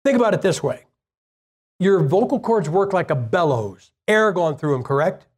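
An older male evangelist giving an informal, conversational sermon. His partly paralyzed vocal cords leave his voice breathy at the ends of sentences, and he often restarts his phrases. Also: sits high, lively intonation, moderate pace. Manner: conversational and plain-spoken, with repeated restarts. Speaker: evangelist preacher.

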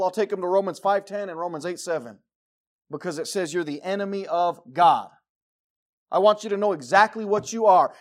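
Preacher guy, kinda high voice, goes from booming to quiet, shouts out the crowd parts. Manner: swings between loud exclamations and quiet low asides; acts out the crowd in short shouted bursts. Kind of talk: sermon.

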